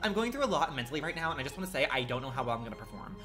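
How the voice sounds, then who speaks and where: Lively, bright-voiced male streamer rambling. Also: mid-range voice, racing, faint music behind. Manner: rambling, profane, full of filler words. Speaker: livestreamer. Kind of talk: casual gaming livestream chat.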